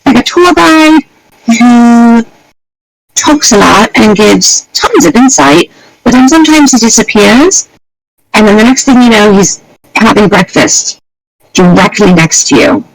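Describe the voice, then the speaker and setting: A woman's voice: a little high, a little slow, vocal fry, rough recording. A woman playing in a tabletop role-playing game, chatting casually and enthusiastically about the adventure. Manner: lively and enthusiastic. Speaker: player.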